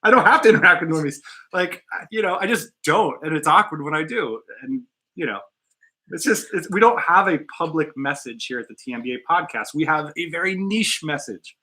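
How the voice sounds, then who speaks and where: A male podcast host with a bright, somewhat high voice. He talks bluntly and jokingly in a relaxed studio chat, swearing now and then. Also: brisk.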